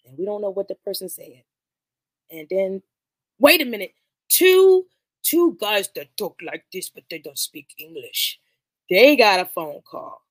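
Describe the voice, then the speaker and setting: A woman hosting a podcast, casually retelling and reviewing a film in animated, slangy speech full of profanity. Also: medium pitch, dry recording. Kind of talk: casual movie commentary.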